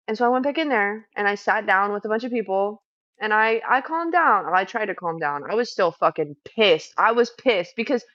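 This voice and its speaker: A woman who works as a camp medic, retelling a clash in casual chat, swearing freely and talking fast when heated. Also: on the high side, a bit bright, highs cut off. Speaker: house medic at a streamed camp.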